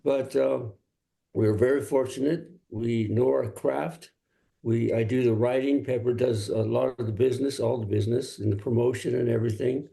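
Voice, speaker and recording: An older male singer-songwriter from Los Angeles, telling stories in a relaxed interview and laughing often. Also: mid-range voice, normal speed, creaky. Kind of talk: casual interview talk.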